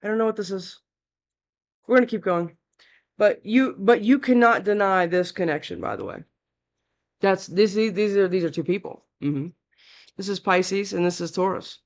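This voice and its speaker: A woman's voice: mid-range voice, moderate pace, pauses often. A woman giving a casual tarot reading, talking bluntly and chattily, scolding and cursing freely. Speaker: tarot reader.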